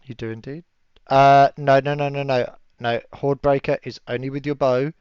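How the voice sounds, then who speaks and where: A man running a tabletop game as game master, relaxed and chatty, laughing often and yelling enemies' cries in high voices. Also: moderate pace, smooth, dry recording. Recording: dull lo-fi stream audio, dry.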